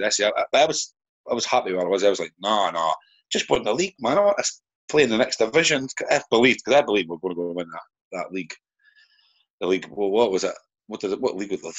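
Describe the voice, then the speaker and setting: A man's voice: deep voice, fast. A Scottish man, a former footballer, rambling through stories in casual podcast chat and swearing freely.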